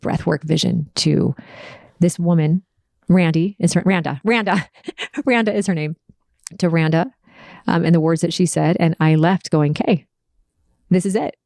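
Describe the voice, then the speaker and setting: A woman with a lowish, mellow voice tells a personal story on her podcast. She speaks earnestly and emotionally, in a confessional tone, and the room sounds dry. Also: moderate pace, vocal fry, no echo. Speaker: podcast host.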